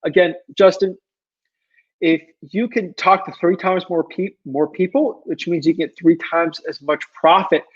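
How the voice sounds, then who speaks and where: A man's voice: high-pitched, fairly even intonation, measured pace, slightly rough, muffled recording. A man giving casual advice while answering viewer questions, earnest and pleading, rambling with lots of fillers. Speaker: real estate wholesaler answering viewer questions.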